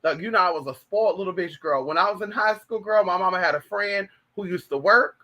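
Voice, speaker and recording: A man hosting a livestream, telling stories in a flamboyant, profane, animated casual chat. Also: high voice, quick pace.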